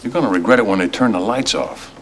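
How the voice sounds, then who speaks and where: An actor playing a cheerful young gentleman caller, teasing with his friend and courteous with his elders. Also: fairly low pitch, fast, a little hiss or hum, lightly acted. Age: young adult. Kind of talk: film drama acting.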